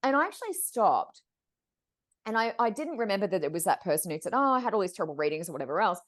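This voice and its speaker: Speaking at a quick pace in a mid-range voice, this woman, a psychic medium, guests on a podcast. She brings her stories to life by acting out the voices of those involved.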